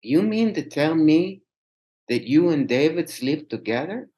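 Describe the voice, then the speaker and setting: A man voicing his sweet, soft-spoken older Italian mother who is gently startled. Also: sing-song, measured pace. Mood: stunned. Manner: high, soft, gently surprised.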